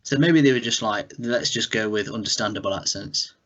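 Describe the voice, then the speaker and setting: A man's voice: on the low side, brisk, a bit bright. An English man co-hosting a cartoon podcast in casual chat, musing and hedging his opinions. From England. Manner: musing, self-doubting, hedges his opinions. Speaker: podcast co-host. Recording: dull lo-fi podcast audio.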